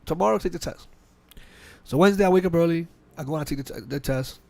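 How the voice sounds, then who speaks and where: A man on a podcast mic, rattling off a story at a quick clip in a fairly high voice. He restarts often and acts out both sides of conversations. The sound is close and dry. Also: gravelly, no room sound. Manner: fast, animated storytelling with frequent restarts and quoted dialogue. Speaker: podcast host. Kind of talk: casual podcast chat, storytelling.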